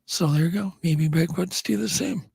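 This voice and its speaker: A man's voice: fairly high pitch, normal speed, creaky, a little mellow, husky, no room sound. A man co-hosting a podcast, running through news items in a chatty, rambling way with frequent restarts. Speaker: podcast co-host. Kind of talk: casual chat.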